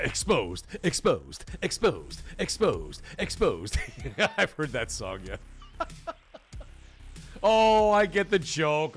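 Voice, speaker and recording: A man's voice: mid-range voice, vocal fry. A man hosting a late-night gaming livestream, chatting loosely, swearing freely and reading out and thanking viewers from the chat. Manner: animated, profane, thanks viewers and reads chat aloud. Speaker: livestream host.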